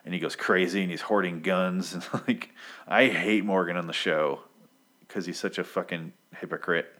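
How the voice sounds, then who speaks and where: A man's voice: low voice, moderate pace, a bit bright. A young man casually recapping a comic book, rambling and opinionated with frequent swearing.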